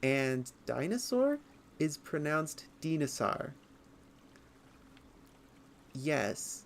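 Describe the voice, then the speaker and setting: A streamer at a home setup chats nerdily while livestreaming a game, rambling and giggling through the commentary. The mid-range voice has lively intonation and a slightly mellow quality, moving slowly with long pauses over a little hiss or hum.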